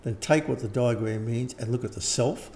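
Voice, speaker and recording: An older man, talking casually and rambling as an interviewed teacher, often clearing his throat. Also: mid-range voice, moderate pace, a little mellow, a little hiss or hum. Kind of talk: casual conversation.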